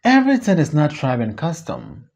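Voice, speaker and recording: A reader voicing a wise mother who pleads gently and earnestly with her grown son, on a dull lo-fi recording. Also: mid-range voice, wildly swooping pitch, moderate pace, vocal fry, full character voice. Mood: pleading.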